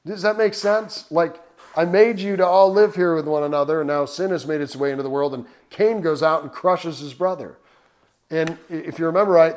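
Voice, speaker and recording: Earnest man preaching, pitch a bit high. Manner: earnest preaching, rhetorical questions, sudden drops to a hush. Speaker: pastor. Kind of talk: sermon.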